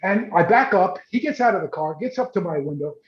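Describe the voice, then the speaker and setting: Male photojournalist, raised pitch, chatty anecdote with restarts, echoey lo-fi call audio. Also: brisk. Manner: animated, repeats words, restarts often. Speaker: photojournalist guest. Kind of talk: casual storytelling on a video call. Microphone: video call. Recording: roomy, dull video call audio.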